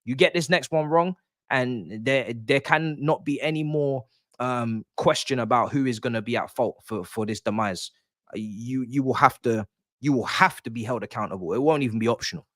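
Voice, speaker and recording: A young man hosting a livestream rants in exasperation about his football club, swearing frequently and repeating and restarting phrases to make his point. His medium-pitched voice moves at a moderate pace, captured in a dry, clean studio recording.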